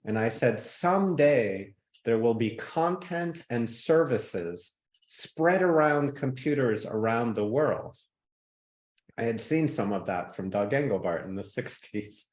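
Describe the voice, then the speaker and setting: A man guest in a podcast interview, telling relaxed stories and now and then mimicking people. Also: medium pitch, slow, reverberant. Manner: relaxed, laughs easily, mimics people in anecdotes. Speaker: guest, tech innovator. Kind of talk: conversational interview storytelling.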